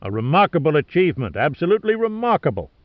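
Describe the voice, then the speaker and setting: A man's voice: fairly high pitch, expressive, moderate pace, dry recording, natural voice. A man voicing a big, ruddy male ship captain who talks in an effusive, exclaiming way. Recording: dull lo-fi dry recording.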